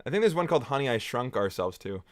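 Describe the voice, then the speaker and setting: A man's voice: mid-range voice, sing-song, fast talker. A man hosting a casual movie watch-along commentary, rambling and enthusiastic. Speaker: film reviewer, host.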